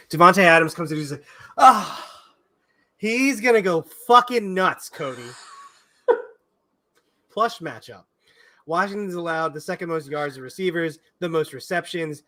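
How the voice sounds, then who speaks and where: A man with a fairly high voice gives betting picks in a relaxed podcast chat. He jokes around, laughs easily and swears casually. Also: normal speed. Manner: joking and laughing, with loose swearing.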